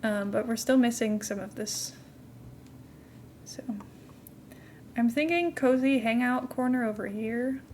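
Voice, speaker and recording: A young adult woman streaming a game from home, chatting in a rambling, casual way and cooing softly at her cat now and then. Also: fairly high pitch, a little slow, pauses often, slight background noise. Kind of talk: casual live-stream chat while gaming.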